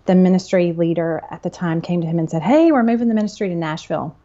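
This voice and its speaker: A woman's voice: fairly low pitch, fast talker, muffled recording. A woman in her thirties from the southern United States, a podcast guest telling family stories and laughing easily. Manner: warm-hearted storyteller, laughs easily. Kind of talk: casual podcast interview.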